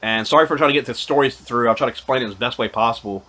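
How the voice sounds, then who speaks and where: A man's voice: medium pitch, very fast, bright, forceful tone. A man vlogging, telling a long rambling story to camera, swearing often and restarting his sentences. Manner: profane, rambling, many fillers and restarts.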